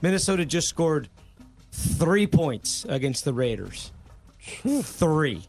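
A man on a football podcast talks in a slightly raised pitch. He is sarcastic and leans hard on his points. Faint music plays behind him. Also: lively intonation, a little slow, gravelly, a little mellow. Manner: sarcastic, emphatic. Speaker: sports podcast panelist. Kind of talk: casual sports chat.

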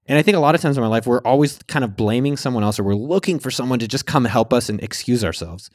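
A man's voice: mid-range voice, lively intonation, quick pace. A man tells a personal story straight to the camera in a casual, candid way. He swears freely and acts out the things he said at the time. His voice sits in the middle of the male range, and the recording is dry with no room echo. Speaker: vlogger.

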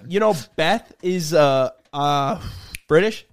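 Young male co-host, a touch high-voiced, blunt exclaimer. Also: takes it slowly. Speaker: podcast co-host. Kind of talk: casual chat.

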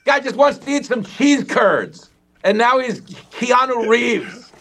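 A man as a comedian guest on a talk show, riffing with sarcastic deadpan jokes. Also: very high-pitched, slow, noisy background.

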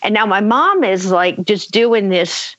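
Woman, conversational storyteller, animated, acts out quotes, dull dry lo-fi sound. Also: mid-range voice, a little slow, dry recording. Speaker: guest telling a personal story.

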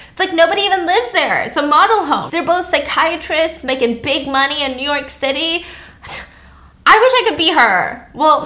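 A woman's voice: sits high, pushed and bright. Sassy chatty woman podcast host. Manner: chatty, sassy asides, acts out quotes. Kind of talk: casual true-crime storytelling.

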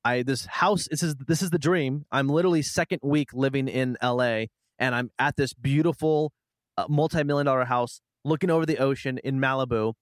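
A man casually telling a long personal story as a guest, chatty and animated, acting out what people said. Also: medium pitch, a little fast, no echo. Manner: chatty, animated retelling with quoted asides. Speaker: podcast guest.

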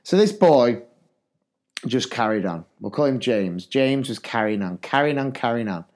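Man, mid-pitched voice, chatty podcast co-host, rambling with asides. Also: animated, moderate pace, a little mellow. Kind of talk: casual storytelling chat.

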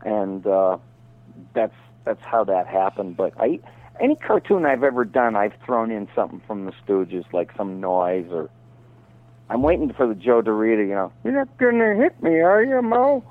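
A middle-aged man, a voice actor guest, telling rambling showbiz stories over the phone and slipping into quick impressions. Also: on the low side, lively intonation. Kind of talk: casual phone interview. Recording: tinny phone line.

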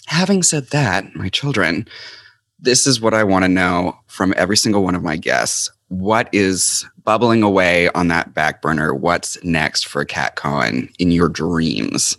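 A male podcast host with a very low voice and a playful, campy manner. The sound is close and dry, with no room around it. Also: measured pace, fairly bright tone, no echo. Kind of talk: casual podcast chat.

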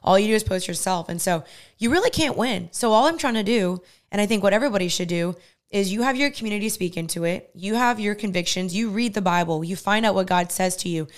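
Young female podcast co-host, earnest, smooth resonant tone. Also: mid-range voice, fast talker. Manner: earnest, talks through her faith with quoted asides. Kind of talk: casual podcast chat.

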